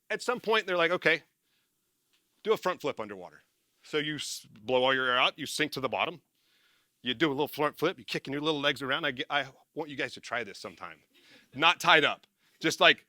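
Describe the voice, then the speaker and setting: Guy giving a loose pep talk to a crowd, super bright punchy voice, close and dry, keeps tripping over his words. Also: a little high, brisk, no room sound. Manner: energetic, rambling, self-correcting, laughs at himself. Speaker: former military speaker and success coach. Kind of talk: casual motivational talk to an audience.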